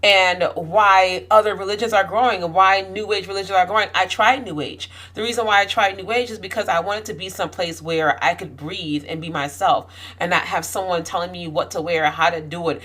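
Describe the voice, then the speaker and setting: A woman's voice: lowish voice, fairly even intonation, a little fast, fairly bright tone. Passionate, outspoken woman talking to camera. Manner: passionate, rising to heated emphasis; outspoken, frequent fillers and restarts. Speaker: vlogger. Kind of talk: candid personal talk to camera.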